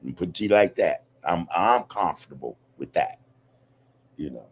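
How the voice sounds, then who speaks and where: Husky low-voiced podcast host rambling. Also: male voice, expressive, normal speed. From United States. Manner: rambling, emphatic, streetwise slang, lots of "man" and "you know". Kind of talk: casual livestream monologue.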